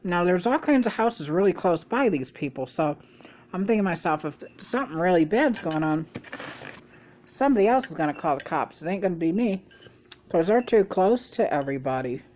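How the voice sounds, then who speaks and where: A woman's voice: fairly low pitch, animated, a little fast, a little mellow. A middle-aged woman vlogger telling a rambling, gossipy story in a casual way, swearing freely. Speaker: mukbang vlogger.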